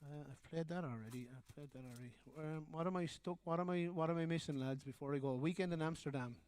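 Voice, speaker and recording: A man's voice: on the high side, fast talker, darkish tone, clear, resonant tone. An Irish man, a folk singer and guitarist, chatting loosely between songs on a live stream, often trailing off and restarting.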